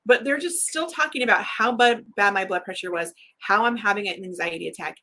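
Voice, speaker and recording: Bright, husky-voiced woman telling a story. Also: medium pitch, a little fast. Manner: frank and emotional, laughs often. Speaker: writer hosting a livestream. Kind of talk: candid personal storytelling.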